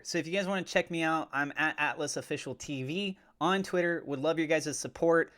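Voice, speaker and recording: A man hosting his own cryptocurrency channel, chatting casually and getting excitable as he watches prices move. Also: a little high. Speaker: crypto YouTuber. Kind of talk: casual commentary to camera.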